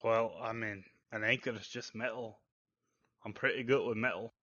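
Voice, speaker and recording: A man plays his character in a tabletop game with a laid-back, folksy drawl. His voice is bright and forward, but it comes through a dull, lo-fi mic in a dry room with faint music. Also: lowish voice, fairly even intonation, moderate pace, dry recording. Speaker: player.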